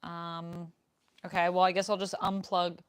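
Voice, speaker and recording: A woman's voice: fairly low pitch, flat delivery, unhurried, clear, resonant tone. A young woman streamer chatting casually with her viewers in a live Q&A, reading out their comments as she goes. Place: home room, indoors. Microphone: desk microphone.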